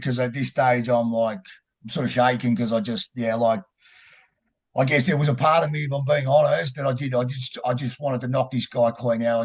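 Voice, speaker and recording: A man with an Australian accent telling a personal story in a halting, rambling way, swearing freely. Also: medium pitch. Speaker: podcast guest.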